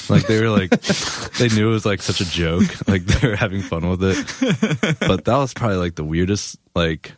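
A man's voice: low voice, big pitch swings, moderate pace. A young man, a guest, telling laid-back stories in casual chat, laughing often.

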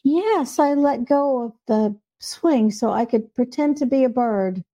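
A woman's voice: sits high, lively intonation, a little slow, dark tone, heavily acted. A woman voicing a sad, angry seven-year-old girl ghost in a plaintive, childlike way.

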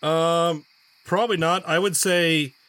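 High-voiced guy at a tabletop game, cursing and rambling, bright tone. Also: slow pace. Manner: profane, animated, rambling. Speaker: player. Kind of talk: casual tabletop banter.

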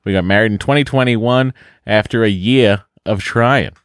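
A man's voice: fairly low pitch, normal speed, clean tone, no room sound, studio quality, close to an everyday voice. A man putting on a Boston accent to voice a chatty new mother in her thirties, reading her letter aloud for comic effect. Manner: exaggerated accent, breathless listener-letter reading.

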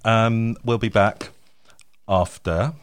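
A man's voice: on the low side, steady tone, takes it slowly, noisy background. A man hosting a podcast in casual chat, chatty and laughing often. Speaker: podcast host.

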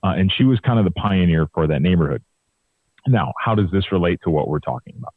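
Deep-voiced chicago guy rambling on a tinny phone-like line, lots of ums. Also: lively intonation, fast, husky, no echo. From Chicago area. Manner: rambling storyteller, many uh and um. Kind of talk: casual chat.

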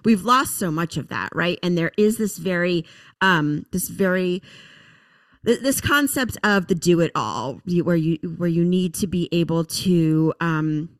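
A woman hosting a podcast interview, talking casually and haltingly, searching for her words with many fillers. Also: on the low side, animated, no room sound. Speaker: podcast host.

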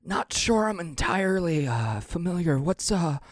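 A man voicing a lonely, talkative old man on a train, quavering and high. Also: sing-song, moderate pace, dry recording, clean studio sound. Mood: doddering.

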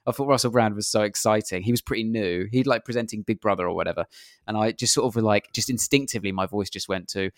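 Young English male comedian, low voice, dry sound, self-deprecating storyteller. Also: a little fast, dry recording. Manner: self-deprecating, rambling anecdotes. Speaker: comedian guest. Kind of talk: casual interview chat.

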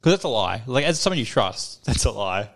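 Rapid-fire podcast co-host, a man full of slang and crude anecdotes, mid-pitched. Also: very animated, fairly bright tone. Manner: rambling storyteller, heavy slang and swearing, laughs often. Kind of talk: casual crude chat.

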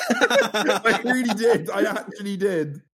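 A young man, a podcast host, telling a story in casual chat, animated, swearing and stumbling over repeated words. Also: high-pitched, slow pace, a loud crowd.

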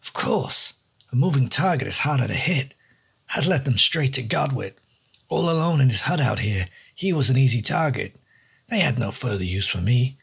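A man's voice: mid-range voice, lively intonation, moderate pace, gravelly, slightly rough. A man narrating a hard-boiled noir story in a dry, wry first-person detective voice. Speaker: storyteller and host.

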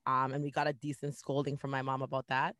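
A woman, co-hosting a podcast and telling stories in a dramatic, animated way. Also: very deep voice, fast, dry recording, clean studio sound. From Canada. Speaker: podcast co-host. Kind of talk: casual chat.

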